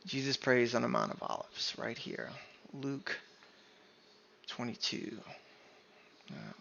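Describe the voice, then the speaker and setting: A man's voice: mid-range voice, huge pitch swings, slow pace, vocal fry, sharp tone, dull audio, a little hiss or hum. A man teaching a Bible study sermon in an emphatic way, often stopping to ask "right?". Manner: emphatic, keeps asking "right?".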